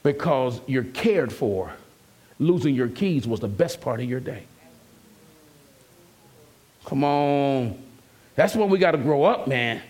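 A man's voice: medium pitch, expressive, slow, pauses often, a little mellow. A man preaching an emphatic, conversational sermon as a pastor and calling out to his congregation.

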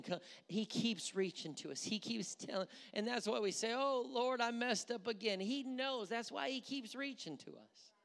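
A pastor preaching a sermon, telling the story with animated delivery, acting out the quotes and often repeating words while thinking aloud. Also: mid-range voice. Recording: long hall reverb.

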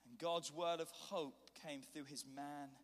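High-voiced pastor preaching in a reverberant hall. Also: male voice, takes it slowly. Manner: animated storyteller, acts out scenes. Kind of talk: sermon.

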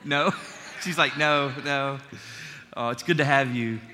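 A man's voice: mid-range voice, moderate pace, bright, forceful tone, slight background noise. A middle-aged man preaching a sermon as pastor, in a conversational, joking way with his congregation, in a large church. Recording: long church hall reverb.

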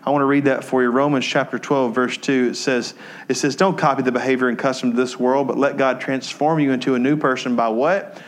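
A male pastor preaching a sermon, telling a story that drops soft and low when he is moved, then rising into emphatic teaching. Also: fairly quick.

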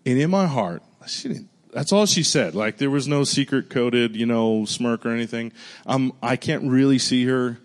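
Earnest male pastor telling a story. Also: normal speed. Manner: conversational and earnest, dropping to a hushed voice for prayers; bursts of excited high-pitched exclamation. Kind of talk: storytelling sermon.

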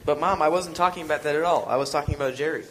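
A man's voice: on the high side, very fast, lightly acted. A man playing an indignant, whiny teenage son in a church skit.

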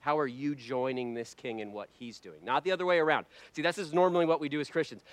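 A man preaching a sermon to his church, impassioned and swinging between hushed lines and loud ones. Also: mid-range voice, fast, no room sound. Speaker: pastor.

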